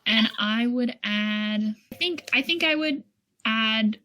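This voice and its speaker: A woman's voice: fairly high pitch, slow pace, bright, forceful tone. A woman guest in a casual chat, recorded on a phone, speaking hesitantly and searching for her words. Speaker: guest player. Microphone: phone used as camera.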